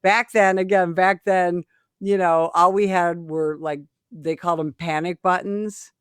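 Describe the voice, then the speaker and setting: A retired police sergeant from Illinois tells a story in a casual interview, animatedly acting out the voices of the people in it. Her lowish voice is smooth and measured, captured in a dry, studio-quality recording.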